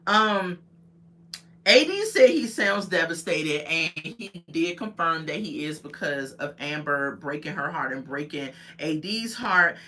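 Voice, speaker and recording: A woman casually recapping a reality show on a live stream, chatty and quick to laugh as she retells scenes. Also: low voice, animated, fairly bright tone. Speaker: show reviewer.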